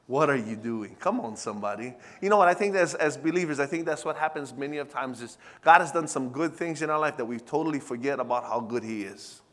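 A man preaching a sermon, calling out to the congregation and swinging from hushed to loud. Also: medium pitch, lively intonation, fast, hardly any pauses. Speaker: pastor. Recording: long hall reverb.

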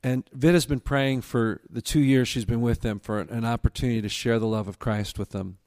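A male pastor delivering a sermon at a middle pitch. His preaching is earnest and emphatic. At times it falls to a soft, hushed tone. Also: fairly even intonation, fairly quick.

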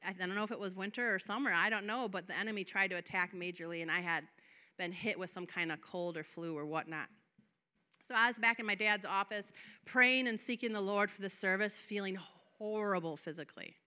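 Bright-voiced woman preaching with passion. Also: medium pitch, smooth. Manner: impassioned, swings from soft and drawn-out to loud and emphatic; acts out quoted prayers and dialogue. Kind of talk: sermon.

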